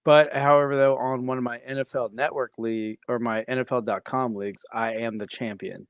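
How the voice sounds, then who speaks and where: A man's voice: medium pitch, steady tone, a little fast, clear, resonant tone, no room sound. Man chatting sarcastically on a dry call. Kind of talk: casual comedy podcast banter. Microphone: video call mic.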